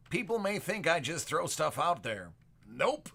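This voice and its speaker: Gravelly, bright-voiced man chatting with viewers. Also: fairly high pitch, big pitch swings, measured pace. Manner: chatty, joking banter with viewers. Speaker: sports card break host. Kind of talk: casual livestream chat.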